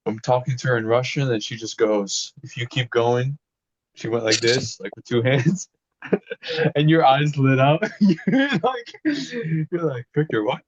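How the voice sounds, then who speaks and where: A man co-hosting a podcast, telling animated stories in casual chat with plenty of swearing. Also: mid-range voice, unhurried, dull audio, a crowd in the background. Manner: animated, swearing, laughing storyteller. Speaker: podcast co-host.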